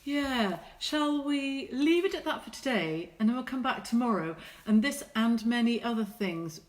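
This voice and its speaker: A woman's voice: fairly high pitch, expressive, normal speed. Middle-aged woman artist chatting while she paints, teasing her viewers, easygoing and playful. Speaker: watercolour artist hosting a live painting session. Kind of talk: casual chat while painting, reading viewer comments.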